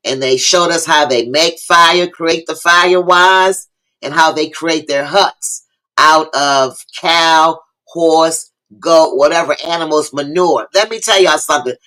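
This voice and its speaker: A woman with hosts a lively livestream talk show. Her voice is bright and forward. She preaches more than she chats, hails viewers by name and says key lines over again. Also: low voice, slow, poor audio. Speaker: host of a live online talk show.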